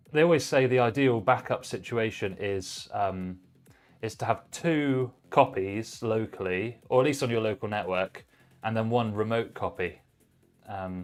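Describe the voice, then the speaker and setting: A man hosting a live stream, chatting casually with viewers while building a PC. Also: mid-range voice. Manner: chatty, relaxed, reads chat messages aloud while working. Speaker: livestream host building a PC.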